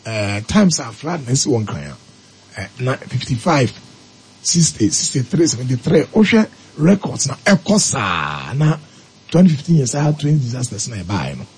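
A man's voice: on the high side, darkish tone, slightly rough, poor audio. A man with a Ghanaian accent, explaining step by step as a talk-radio commentator and mixing English terms into his speech. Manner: mixes local language with English, explaining step by step.

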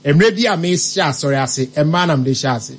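Emphatic Ghanaian man with a high voice. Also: expressive, normal speed, breathy edge. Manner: emphatic, switches languages mid-sentence, big rises in pitch. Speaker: commentator. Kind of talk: spoken commentary.

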